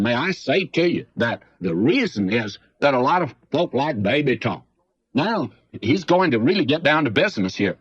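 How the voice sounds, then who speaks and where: An older man preaches with a husky, rather high voice that swoops up and down with feeling. His folksy, emphatic delivery comes through a dull, lo-fi archival recording with a close, dry sound. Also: no room sound. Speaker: Bible teacher. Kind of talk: radio Bible teaching.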